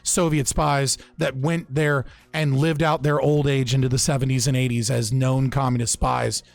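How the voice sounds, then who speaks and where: Gravelly man talking history, casual. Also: medium pitch, level tone, normal speed. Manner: loose and profane, with frequent restarts and fillers. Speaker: podcast speaker. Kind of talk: casual political history talk.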